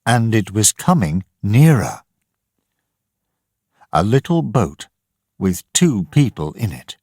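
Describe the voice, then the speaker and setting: A man narrates a storybook slowly and deliberately, letting his pitch rise and fall freely. The recording is dry and close, with no room sound. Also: sing-song, a little mellow, dry recording. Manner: measured and deliberate. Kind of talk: slow, expressive storybook narration.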